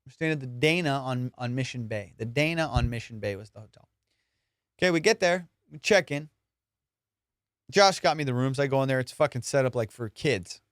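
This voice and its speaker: A man's voice: mid-range voice, a little fast, no room sound, studio quality. A man hosting a comedy podcast, riffing in a casual, profane way and slipping into put-on voices.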